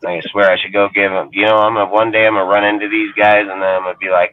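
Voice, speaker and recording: A man's voice: deep voice, level tone, fast talker, hardly any pauses, dry recording. A man hosting a sports fan show, ranting angrily with crude, scornful talk. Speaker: sports podcast host. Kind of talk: profane fan rant. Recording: tinny phone-like sound.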